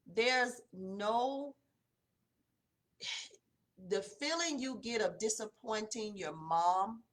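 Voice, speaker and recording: Mulher sulista animada, voz brilhante. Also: female voice. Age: 40s. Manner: conversational, animated, voice drops low and soft in emotional stretches. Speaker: host of a morning devotional. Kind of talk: personal testimony, casual.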